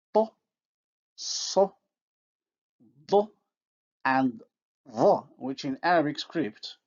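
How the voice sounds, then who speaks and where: A man giving a recorded linguistics lecture, who carefully sounds out each example word. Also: on the high side. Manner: slow, deliberate, carefully sounds out example words. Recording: dull lo-fi recording.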